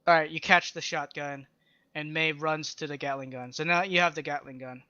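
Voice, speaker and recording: Young man, game master, halting filler-heavy narration, forceful bright tone, dull lo-fi dry recording. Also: a little high, steady tone, clean tone, no echo.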